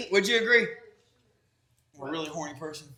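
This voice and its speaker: A man's voice: fairly high pitch, animated, normal speed, bright, forceful tone. A young man co-hosting a podcast, telling a long, profane story in a rambling, laughing way. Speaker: podcast co-host. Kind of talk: casual storytelling chat.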